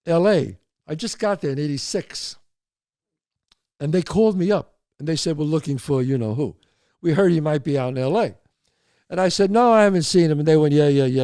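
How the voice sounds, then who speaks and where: An older man tells a neighborhood story in a lively, swooping voice, often jumping into his friends' voices. His voice sits a little high for a man and sounds dry and close to the mic. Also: no room sound. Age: 60s or older. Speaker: host. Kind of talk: storytelling monologue.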